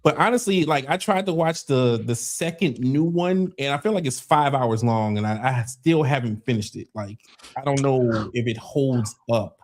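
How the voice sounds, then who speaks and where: A man's voice: medium pitch, moderate pace, a little mellow. A man hosting a casual podcast chat who talks loosely and repeats himself as he runs the show. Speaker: podcast host.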